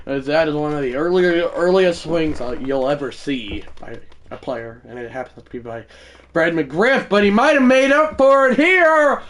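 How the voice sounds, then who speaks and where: A man calling his own baseball video game like a broadcaster, shouting on big hits and rambling in self-mocking asides between plays. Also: on the high side, moderate pace, slight background noise. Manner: mock broadcaster calls that burst into shouting. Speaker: gaming streamer. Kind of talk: casual play-by-play of a video game.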